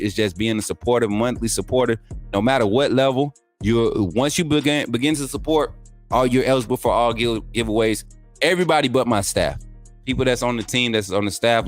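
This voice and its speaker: A male host talks in a loose, hyped way, full of slang and repetition. His voice sits in a middle pitch. Faint music plays underneath. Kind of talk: casual live-stream talk.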